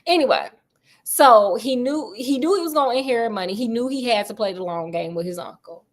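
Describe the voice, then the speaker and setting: A woman's voice: on the high side, brisk. Chatty woman retelling a story. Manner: slangy, chatty, with asides.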